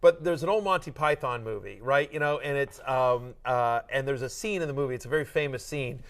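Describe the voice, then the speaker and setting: A man's voice: mid-range voice, brisk. A middle-aged man hosting a fantasy football show, talking in a chatty, joking way with lots of restarts and asides. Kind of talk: casual sports chat.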